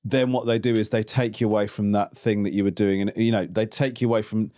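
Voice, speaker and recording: A man's voice: on the low side, steady tone, fast talker, warm tone, no echo. A man hosting a chat show, asking questions casually and encouraging with frequent agreement. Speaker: host.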